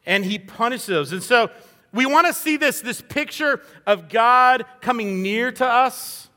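A man's voice: very high voice, a little slow, pushed and bright, big-room sound. A man preaching a sermon in an earnest, conversational way, acting out little quoted voices as he goes. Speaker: pastor.

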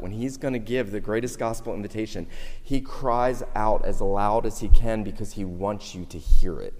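A man preaching a sermon with earnest intensity, surging loud on key lines and dropping low in between. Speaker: pastor. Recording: long reverb of a large hall.

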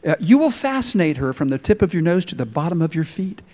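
A matter-of-fact fortune teller woman, as a preacher puts her on, speaking in a deadpan way. The voice sits slightly high for a man and rings with a long reverb. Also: quick pace.

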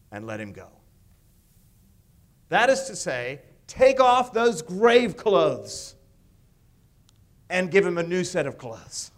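A man preaching an expository sermon, emphatic and rising loud on key phrases, often asking his listeners questions. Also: a little high.

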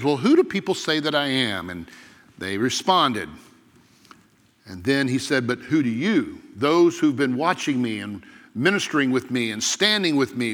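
A man preaching a sermon as pastor, earnest and emphatic, with dramatic pauses. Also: mid-range voice, fairly bright tone, long reverb tail.

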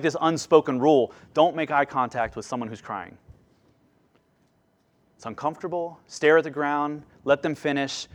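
A man preaching a sermon to a congregation in an earnest way, rising to emphatic lines and dropping to hushed, quieter asides. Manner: earnest, swings between emphatic rises and hushed low asides. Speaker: pastor.

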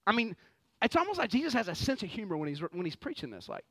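A man preaching a lively, conversational sermon full of rhetorical questions. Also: high voice, fast talker, breathy edge, no room sound. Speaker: pastor.

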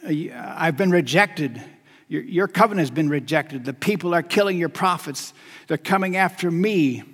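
A man's voice: fairly high pitch, normal speed, a bit bright, husky. A male preacher voicing the prophet Elijah as an anguished, lonely man pouring out his lament in rising, pleading bursts. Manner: pleading, rising emphatic outpouring. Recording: long hall reverb.

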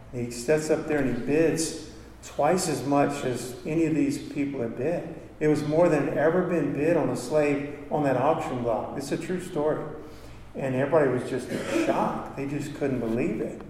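A man's voice: on the high side, mellow, a little hiss or hum. A man preaching a sermon in a church, telling a story with emotion and calling for amens. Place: church hall. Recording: echoey hall from far off.

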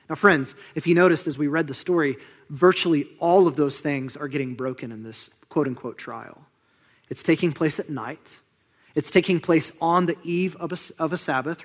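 Male pastor, sermon, easygoing teacher tone, fairly high voice. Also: fairly bright tone. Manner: conversational teaching, addresses listeners as friends.

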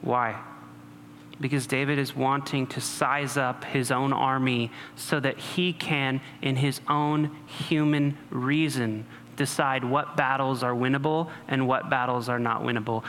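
A man preaching a sermon in a relaxed, conversational way, with humorous asides to the congregation. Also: mid-range voice, measured pace. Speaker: pastor. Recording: long hall reverb, faint noise.

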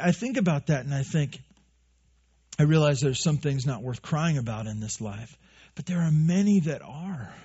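A man's voice: fairly high pitch, darkish tone, slightly rough, dull audio. A man preaching a sermon as pastor, earnest, repeating his phrases and acting out what his listeners say.

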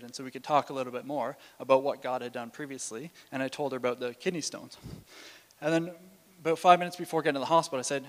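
A man's voice: medium pitch, steady tone, fast talker. A man giving a sermon, telling stories in a casual way with fillers and restarts. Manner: storytelling with frequent restarts and fillers. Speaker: preacher. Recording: long hall reverb.

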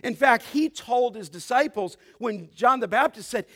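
High-voiced man preaching with emphasis. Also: animated, normal speed. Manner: emphatic preaching, rising loud on scripture. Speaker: pastor. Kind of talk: expository sermon.

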